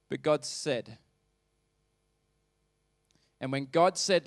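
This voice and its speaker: A man's voice: a little high, measured pace, no echo, studio quality. A man preaching a sermon as pastor, talking conversationally and emphatically and putting questions to the congregation.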